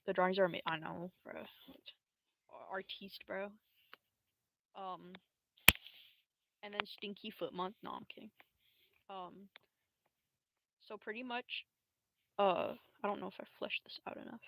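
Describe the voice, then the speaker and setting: A woman's voice: mid-range voice, steady tone, measured pace, creaky, pauses often, no echo. Rambling, slangy young woman streamer. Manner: rambling, slangy, many fillers like bruh and um. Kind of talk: casual live-stream storytelling.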